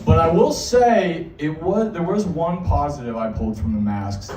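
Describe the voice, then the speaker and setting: This young Massachusetts stand-up works a small bar crowd with crude, rambling material and plenty of fillers. He sounds animated and a little mellow, with a voice on the high side at normal speed, and soft music plays underneath. The distant mic leaves the bar sounding echoey.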